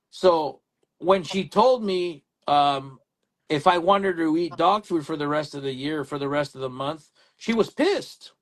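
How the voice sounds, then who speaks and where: A man's voice: fairly high pitch, unhurried. A man, an electrical contractor, telling a story in casual chat and acting out both sides of a phone exchange. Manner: animated storyteller, acts out phone dialogue.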